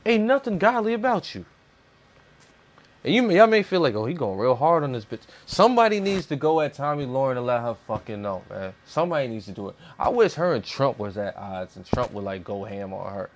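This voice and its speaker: Male commentator, mid-pitched, heated, blunt, swears nonstop in a profane rant. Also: expressive, a little fast, slight background noise.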